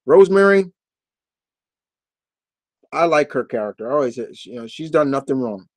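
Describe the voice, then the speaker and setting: A man's voice: mid-range voice, lively intonation, normal speed, a little mellow, no echo. A man hosting a casual live-stream Q&A, talking in a rambling, chatty way with lots of fillers and restarts. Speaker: host of a live Q&A.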